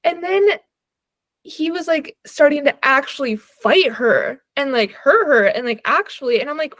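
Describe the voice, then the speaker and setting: Young woman, bookish co-host, bubbly and chatty, high-ish voice, dry close mic. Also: moderate pace, dry recording. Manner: animated, laughing, many "like"s. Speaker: podcast co-host. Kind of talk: casual book chat.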